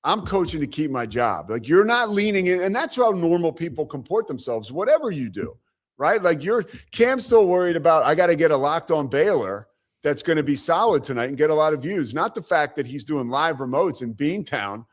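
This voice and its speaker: This man hosts a live sports talk show and tells stories with real animation, his voice swinging widely as he acts out the people he quotes. He sits a little high in pitch for a man. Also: sing-song, brisk. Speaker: show host. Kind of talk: casual sports radio chat.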